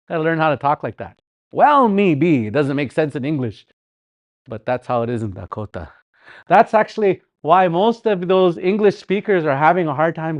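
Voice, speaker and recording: A man teaching a live language class, speaking slowly and repeating words with rhetorical questions. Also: medium pitch, lo-fi sound. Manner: slow, repetitive, with sounded-out words and rhetorical questions.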